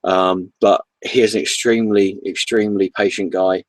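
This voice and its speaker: A man's voice: deep voice, flat delivery, normal speed, dry recording, rough recording. A man chatting casually on his comic book vlog, enthusiastic and rambling, often repeating himself.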